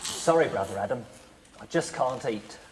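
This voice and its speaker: An actor playing a prim, complaining monk in a TV sitcom. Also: male voice, medium pitch, animated, moderate pace, slight background noise, close to an everyday voice, low-quality recording. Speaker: monk Brother Gideon. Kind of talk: TV sitcom acting.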